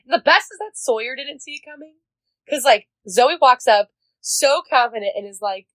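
A woman's voice: on the high side, lively intonation, normal speed, fairly bright tone, dry recording, rough recording. A woman co-hosting a book podcast, enthusiastically chatting and acting out quotes from a novel. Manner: enthusiastic, frequent agreeing and quoting. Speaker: podcast co-host. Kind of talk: casual book chat.

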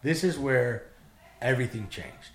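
A man casually telling his life story, animated and profane, acting out the voices of people he met. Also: mid-range voice, measured pace.

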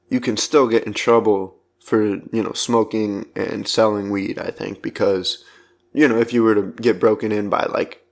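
A young man telling a casual personal anecdote, rambling with lots of "like" fillers and frequent laughs. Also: medium pitch. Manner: rambling, full of "like" fillers, laughing between lines. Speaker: storyteller.

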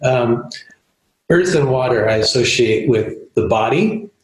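A man's voice: mid-range voice, animated, unhurried. Earnest man in an echoey room. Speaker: podcast guest, yoga and breath work teacher. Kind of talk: casual podcast conversation.

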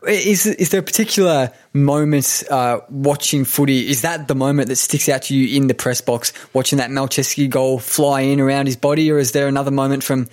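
A man's voice: medium pitch, steady tone, brisk, few pauses, darkish tone. Male host asking questions hesitantly. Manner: hesitant, with restarts. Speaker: podcast host. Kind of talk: casual interview questions.

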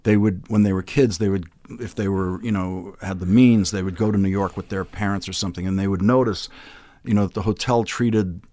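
An older man from Boston with a faint Boston accent under a trained general American voice, telling stories in a casual, animated podcast chat and often repeating words as he starts a thought. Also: low voice, fairly quick. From Boston, USA. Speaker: guest, TV news host.

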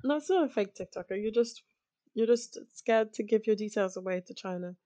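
A woman co-hosting a podcast, speaking in a measured, wry way with dry humor. Her pitch is middling and the sound is close and dry. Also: lively intonation, warm tone, no room sound. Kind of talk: casual chat.

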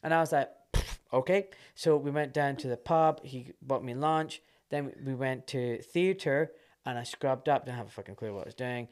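A man, a surgeon guest telling a story in casual talk, animated and quick to laugh. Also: medium pitch.

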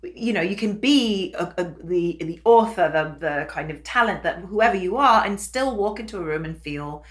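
A woman's voice: lowish voice, lively intonation, normal speed. An American woman talking casually as an interview guest, chatty and self-deprecating, with many restarts and asides. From United States. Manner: slips into a put-on English accent. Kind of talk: casual conversation.

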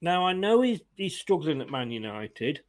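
A man's voice: a little high, very animated, moderate pace. A man hosting a casual football fan live stream, chatty and opinionated, often laughing as he greets viewers.

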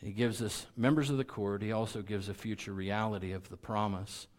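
A man preaching a sermon as pastor, talking in an earnest, conversational way with restarts and repeated words. He builds to louder, emphatic peaks and drops soft and low when citing scripture. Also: fairly even intonation, fairly quick.

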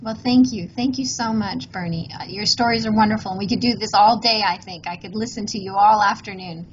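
A woman's voice: medium pitch, a little fast. Woman host wrapping up, lo-fi sound. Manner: gracious, short affirmations. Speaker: podcast host. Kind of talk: interview. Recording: dull lo-fi sound with faint noise.

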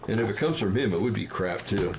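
A man's voice: fairly low pitch, expressive, quick pace, a little mellow, lo-fi sound, a little hiss or hum. Heated rambling man on a livestream. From New Jersey. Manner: rambling and heated, with frequent fillers and apologies. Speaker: livestream host. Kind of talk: casual livestream commentary.

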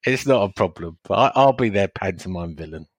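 A low-pitched man co-hosts a football podcast, talking wryly and a bit haltingly, with plenty of swing in his voice. He is recorded close and dry. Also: expressive, dry recording. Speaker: podcast co-host. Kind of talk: casual football podcast chat.

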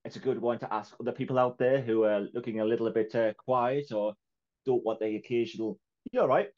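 A man's voice: medium pitch, flat delivery, a little fast, a little mellow. Geordie guy hosting a podcast, chatty and laughy, bit of a dull lo-fi sound. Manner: chatty, laughs often, acts out quotes. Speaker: podcast host. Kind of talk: casual chat.

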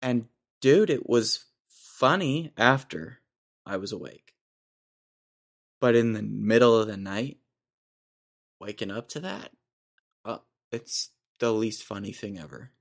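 Young male podcast host, low-pitched, rambling, jokey, slangy. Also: slow, gravelly, long pauses. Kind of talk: casual storytelling monologue.

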